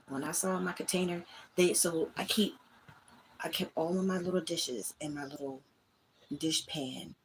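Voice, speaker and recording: A woman's voice: low voice, vocal fry, a little hiss or hum. A woman hosting her own livestream, speaking, candidly venting and talking straight to her chat from a small room at home. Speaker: livestream host.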